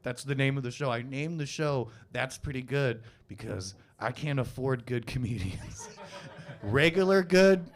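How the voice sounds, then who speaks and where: A man in his twenties hosting a live stand-up comedy show on a club stage, doing self-mocking, deadpan crowd work into a handheld mic. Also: mid-range voice, a little slow. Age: 20s.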